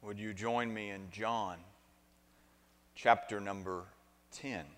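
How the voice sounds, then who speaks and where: A man preaching a sermon as pastor, deliberate at first and building to emphatic points, asking the congregation to repeat after him and answer his questions. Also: on the low side, fairly even intonation, a bit bright. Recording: long reverb of a large hall.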